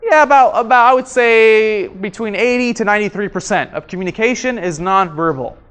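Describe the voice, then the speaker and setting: A male instructor leads an interactive seminar in a training room. He throws questions at the audience and acts out his examples with animated energy. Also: high voice, brisk, clear, resonant tone. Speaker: workshop instructor.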